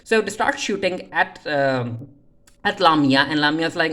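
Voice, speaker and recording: With a mid-range, slightly bright voice at a moderate pace, a reviewer casually walks through a TV episode. Scenes are retold loosely, lines are paraphrased, and "uh" fillers come often.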